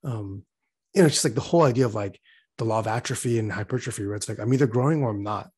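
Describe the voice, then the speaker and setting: A man chatting casually on a podcast, telling an animated story with lots of fillers and acting out his own frustration. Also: lowish voice, racing, breathy edge. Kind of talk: casual chat.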